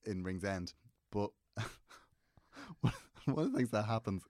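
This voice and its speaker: A man, a comedian, chatting casually on a podcast and telling animated stories that act out the people in them. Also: lowish voice, takes it slowly, dry recording, clean studio sound. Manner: animated storyteller, acts out quotes.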